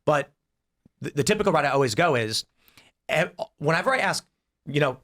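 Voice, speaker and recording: A man's voice: a little high, expressive, fairly quick, a bit bright. A man hosting a casual panel debate, talking animatedly and acting out quoted voices as he lays out a scenario. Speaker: podcast host.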